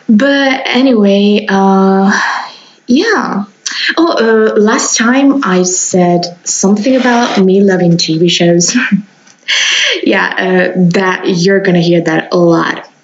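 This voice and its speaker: A woman's voice: mid-range voice, poor audio. Chatty young woman with a sore throat. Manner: rambling, chatty, many fillers and restarts. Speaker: Sims building video host. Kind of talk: casual voice-over commentary.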